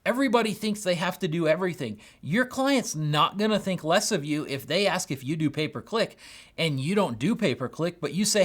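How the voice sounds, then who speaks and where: A man's voice: on the high side, fairly quick. A man hosting his own business podcast, talking with energy and enthusiasm and acting out bits of dialogue. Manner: acts out quoted dialogue in animated voices. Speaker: podcast host. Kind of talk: solo business podcast talk.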